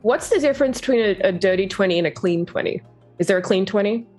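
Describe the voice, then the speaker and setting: Giggly, lively woman at the gaming table. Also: medium pitch, fast, faint music behind. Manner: giggly, playful. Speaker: player. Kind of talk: casual chat.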